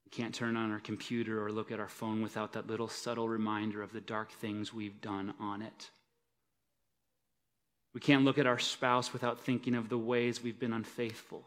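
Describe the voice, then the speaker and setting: A man preaching a sermon, swinging between loud emphasis and quiet, low asides. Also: little pitch movement, moderate pace. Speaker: pastor. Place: church service.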